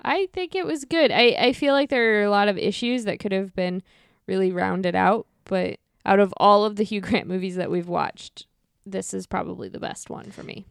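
A woman co-hosting a podcast, giving opinionated views in a casual movie review chat with quick wry remarks. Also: medium pitch, creaky, clean tone, no echo, studio quality. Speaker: podcast co-host.

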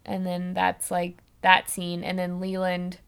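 A woman's voice: fairly low pitch, monotone, measured pace, creaky, smooth. A woman co-hosting a film review podcast, chatting casually and laughing often. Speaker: podcast co-host.

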